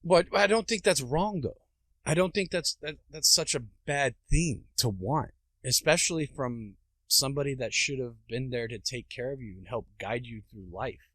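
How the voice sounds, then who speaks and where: Male host, mid pitch, dry close sound; casual, blunt, encouraging. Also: normal speed, fairly bright tone, no room sound. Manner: supportive, blunt, swears casually. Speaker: podcast host. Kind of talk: casual chat.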